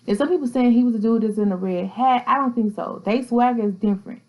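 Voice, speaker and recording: A woman's voice: a little high, quick pace, a little mellow, rough recording. A woman hosting a casual commentary vlog, talking in a chatty, slangy way and laughing easily. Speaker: vlogger host.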